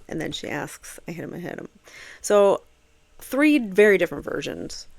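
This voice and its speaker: A woman's voice: medium pitch, dry recording. A woman hosting a true crime show, talking casually through court testimony and thinking aloud with plenty of fillers. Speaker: true crime podcast host. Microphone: home computer setup.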